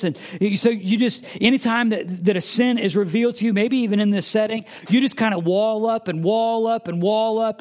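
A man delivers a sermon in a fairly high voice for a man. He presses his hearers with earnest, searching questions. He often slips into the imagined voices of listeners. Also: fairly even intonation, fairly quick, hardly any pauses. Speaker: pastor.

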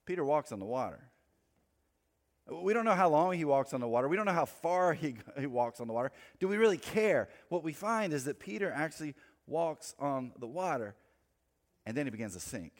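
A man preaching a sermon in a conversational way, with quick asides and light humor. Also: on the high side, big pitch swings. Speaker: pastor. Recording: long hall reverb.

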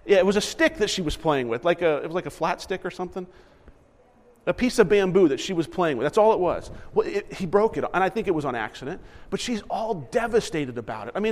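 A man's voice: high-pitched, expressive, fast, long reverb tail. A man in his thirties giving a conversational sermon as a pastor, dropping into other voices for quoted lines. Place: church sanctuary.

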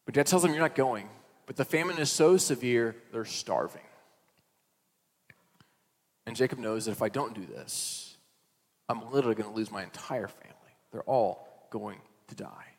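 A male pastor preaching a sermon, mid-pitched, telling the story in a loose, conversational way with casual asides. His voice carries a long reverb from a large hall. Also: normal speed, creaky, long pauses, a little mellow.

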